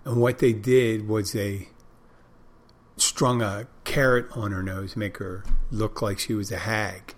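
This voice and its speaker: A man's voice: on the low side, fairly even intonation, slow. A man hosting a show, talking to his listeners in a casual, meandering monologue that often stops to correct itself and lose its thread. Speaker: podcast host.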